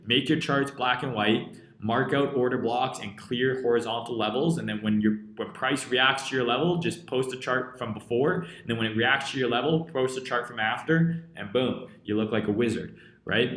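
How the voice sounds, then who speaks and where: A man's voice: medium pitch, fairly bright tone, reverberant. A man from rural Canada with a Canadian accent, ranting bluntly and profanely in a casual trading live stream while reading chat. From rural interior British Columbia, Canada. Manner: blunt and profane, heavy swearing.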